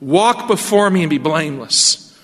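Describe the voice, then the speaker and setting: A preacher voicing an almighty God who speaks in an assured, emphatic, declaring way. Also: male voice, on the high side, lively intonation, moderate pace, fairly bright tone, husky, big-room sound. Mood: commanding.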